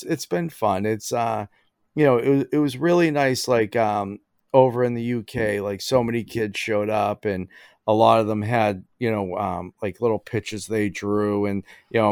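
A man's voice: on the low side, steady tone, moderate pace, clear, resonant tone, dry recording, clean studio sound. A middle-aged man telling stories in a casual chat, with lots of fillers like "you know". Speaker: guest. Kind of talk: casual storytelling.

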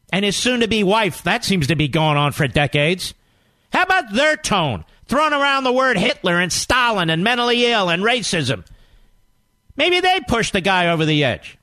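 Combative high-pitched talk radio host man. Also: bright, forceful tone, no echo. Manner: combative, rapid-fire rhetorical questions; emphatic, rallying. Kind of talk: political talk radio monologue.

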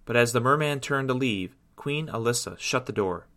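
A man reading a children's story aloud in an expressive, sing-song storytelling way. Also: medium pitch, normal speed.

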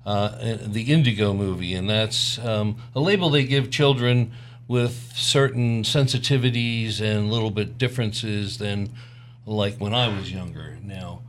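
A man's voice: on the low side, unhurried, slight background noise. Easygoing older man co-hosting. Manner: easygoing, joking. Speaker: podcast co-host. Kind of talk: casual chat with spouse.

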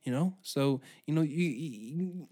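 A man's voice: a little high, lively intonation, takes it slowly, warm tone, breathy edge. Rambling, profane male podcast host. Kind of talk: comedic monologue.

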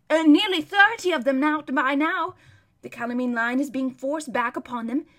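A woman's voice: high voice, a bit bright. A woman doing an old hermit calling a battle. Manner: vivid running commentary, emphatic exclamations. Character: old male hermit watching a battle, earnest.

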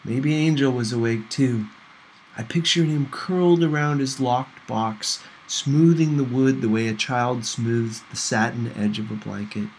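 Man narrating a novel for students, mid-range voice, steady and gentle; faint hiss behind. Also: medium pitch, rough recording. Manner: measured, gentle first-person narration. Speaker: audiobook reader for a class. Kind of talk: reading a novel aloud.

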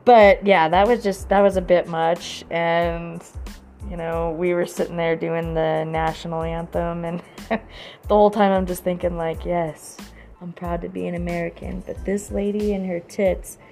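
A woman's voice: lowish voice, little pitch movement, measured pace, darkish tone, soft background music. A young adult woman in a casual, rambling monologue, earnest and heavy on "you know" fillers.

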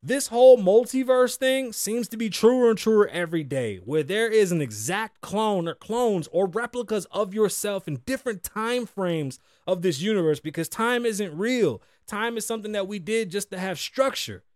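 A man in his thirties talks through his solo podcast in a loose, profane, joking way. His voice sits high for a man and leaps up and down with every riff. The sound is dry and close, with no room around it. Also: lively intonation, normal speed, hardly any pauses, darkish tone, dry recording. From United States. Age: 30s. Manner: loose, profane, joking rants with big swings. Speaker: podcast host. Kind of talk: casual solo podcast chat.

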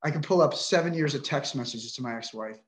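A man's voice: medium pitch, quick pace, reverberant, slight background noise. A middle-aged man telling his own story on a podcast, emotional, frustrated and indignant, with frequent swearing. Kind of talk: emotional personal account.

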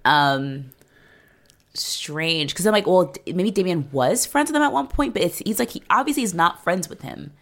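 A woman's voice: on the low side, animated, moderate pace. A woman co-hosting a podcast, talking loosely and profanely with lots of "like" fillers. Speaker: podcast co-host recapping a TV series. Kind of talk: casual chat.

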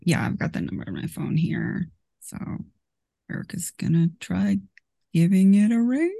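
A woman's voice: mid-range voice, animated, normal speed, creaky, warm tone, no room sound, clean studio sound. A woman playing a tabletop role-playing game, talking casually with lots of fillers. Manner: casual, filler-heavy talk. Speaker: player.

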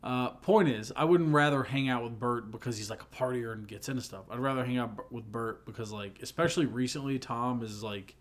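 A young man co-hosting a podcast in relaxed, joking talk. His voice sits at an ordinary middle pitch, and he races through a comedy bit he is retelling. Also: a little fast, few pauses. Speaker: podcast co-host. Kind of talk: casual chat.

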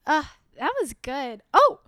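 A woman co-hosting a podcast, chatting casually, animated and emotional, laughing often. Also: sits high, unhurried, no room sound, clean studio sound. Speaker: podcast co-host. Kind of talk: casual chat.

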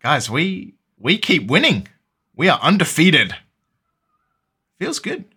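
A man with a bright, forward voice that moves animatedly up and down, bantering as a podcast co-host. He sounds upbeat and playful. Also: fairly high pitch, huge pitch swings, takes it slowly, slightly rough. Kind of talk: casual sports chat.

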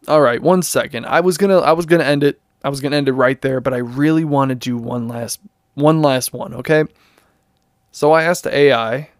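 A man talks his way through a casual solo podcast in an easygoing, rambling manner, often restarting his sentences and chuckling at his own asides. His voice sits at an ordinary pitch. The sound is dry and close, with no room around it. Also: a little fast, no room sound. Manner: reads text aloud flatly without doing impressions. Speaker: podcast host.

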